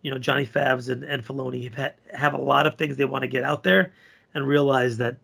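A man's voice: medium pitch, fairly even intonation, fairly quick, creaky, a bit bright, breathy edge. A man co-hosting a podcast, talking in a crude, joking, rambling way. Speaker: podcast co-host. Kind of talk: casual podcast chat.

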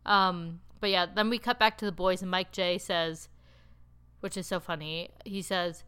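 A woman recapping a TV show in casual chat, rambling and animated with lots of filler words. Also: on the low side, a little slow, clean tone. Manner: animated, laughing storyteller. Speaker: TV recap podcaster.

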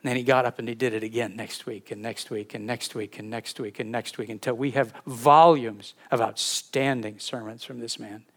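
A man preaching a sermon as a pastor, earnest and heartfelt, often repeating words as he searches for them and dropping from emphatic to hushed. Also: medium pitch, steady tone, normal speed, hardly any pauses.

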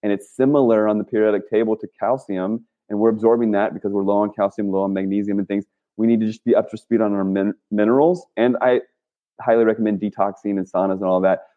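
Male guest, low-pitched, rambling and filler-heavy, heard through a thin phone-like line. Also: fairly even intonation, fast talker. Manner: rambling, with many fillers and restarts. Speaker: guest, activist and clothing maker. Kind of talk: casual interview talk. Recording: tinny phone-line sound.

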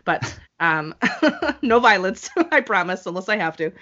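A woman co-hosting a casual podcast chat, an animated storyteller who acts out the voices she quotes. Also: mid-range voice, measured pace. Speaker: podcast co-host. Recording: slightly dull lo-fi audio.

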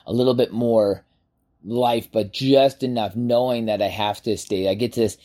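Guy in his 40s ranting through a wild story, swears a lot, dark mellow voice. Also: medium pitch, normal speed. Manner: profane, animated, swears freely. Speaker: podcast host. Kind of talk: casual personal storytelling.

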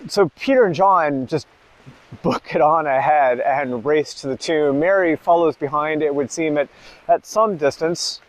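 A man's voice: on the high side, a little slow. A male pastor praying and preaching at an online church service in a reflective way that grows emphatic. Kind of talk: sermon and prayer.

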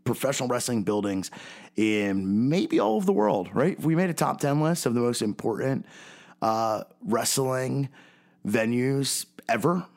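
Speaking at an unhurried pace, this Philadelphia-accented podcast host keeps things casual and talkative, peppering his lines with "right?" and "okay?" His mid-range voice has lively intonation and is a little mellow.

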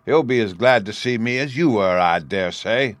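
A man's voice: lowish voice, expressive, moderate pace, no echo, lightly acted. A man voicing a surly, half-drunk male seaman who talks in a sulky snarl.

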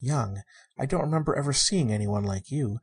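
A man's voice: medium pitch, expressive, moderate pace, breathy edge, voice pushed up. A man voicing a shy young girl. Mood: wistful. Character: shy, wondering sixteen-year-old girl.

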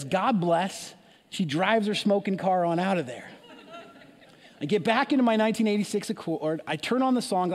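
A man with a fairly high voice tells a story from the pulpit, animated and full of restarts and asides. A long hall reverb trails behind his words. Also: a little hiss or hum. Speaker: preacher. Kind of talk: sermon storytelling.

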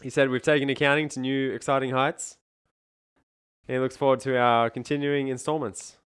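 A man's voice: medium pitch, flat delivery, moderate pace, a bit bright, clean tone. A man with an Australian accent co-hosting a podcast, chatty and joking, often laughing. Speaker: podcast co-host. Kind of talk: casual podcast chat.

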